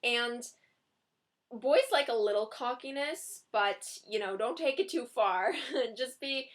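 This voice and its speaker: A woman's voice: fairly high pitch, unhurried, fairly bright tone. A young woman giving dating advice in a casual, chatty vlog, often giggling and reading out sample text messages.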